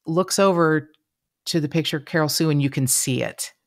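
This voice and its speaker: Speaking from a podcast room, a woman co-host of a casual true-crime show talks at a moderate pace in a voice that sits low. She's chatty and emotional and acts out people's words in lively voices. The recording is dry and studio quality.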